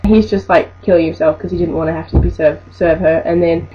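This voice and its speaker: An eighteen-year-old vlogger tells a work story in a chatty, exasperated, rambling storytime monologue. Her lowish voice is brisk with fairly even intonation, and the recording sounds dull and lo-fi with faint noise.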